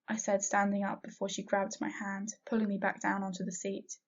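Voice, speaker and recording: A woman reading a first-person fanfiction story aloud, throwing energy into the dialogue. Her voice is husky and breathy at an ordinary pitch. The recording sounds dull and lo-fi. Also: completely flat delivery, fairly quick, few pauses. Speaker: fanfiction reader.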